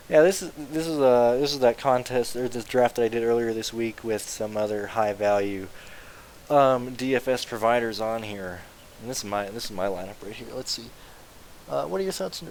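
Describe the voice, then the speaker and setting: A young man casually streaming about fantasy sports, rambling, excitable and swearing freely. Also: medium pitch, rough recording. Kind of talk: casual live-stream chat. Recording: faint hiss.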